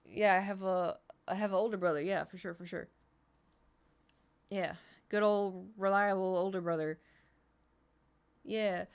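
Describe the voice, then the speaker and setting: A woman's voice: medium pitch, steady tone, measured pace, pauses often, clean tone. A woman in her thirties, streaming and chatting casually, rambling through an anecdote and answering chat as she goes.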